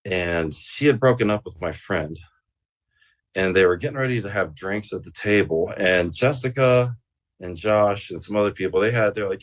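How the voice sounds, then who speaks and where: Deep-voiced man telling a rambling story. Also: normal speed. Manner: rambling and profane, with many fillers. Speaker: interview guest. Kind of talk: casual storytelling.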